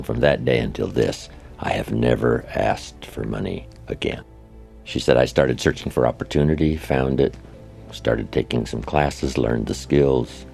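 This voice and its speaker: A man's voice: very deep voice, creaky, a little mellow. A man giving a motivational speech, telling folksy anecdotes with asides to the audience. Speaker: motivational speaker.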